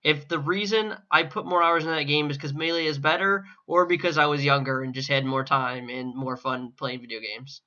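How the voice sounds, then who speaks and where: Very bright, animated podcast man. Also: on the high side. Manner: animated, quick to laugh, steers the turns. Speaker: podcast co-host. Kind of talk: casual gaming chat. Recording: dull lo-fi sound.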